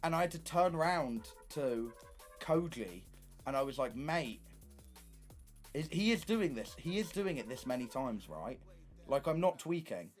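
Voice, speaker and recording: Lively young man telling stories. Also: medium pitch, a little slow, faint music behind. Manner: animated storytelling, swears often. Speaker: streamer. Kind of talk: casual chat.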